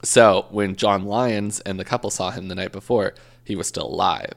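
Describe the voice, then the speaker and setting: A man's voice: deep voice, moderate pace, vocal fry. A man co-hosting a casual podcast, telling a true crime story with jokes, swearing and self-corrections. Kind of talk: casual chat.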